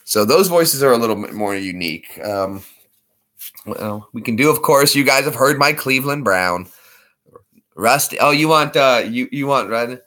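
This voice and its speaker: A man's voice: mid-range voice, lively intonation, moderate pace, bright, forceful tone. A man chatting casually in a vlog, rambling and laughing between attempts at impressions. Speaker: vlogger.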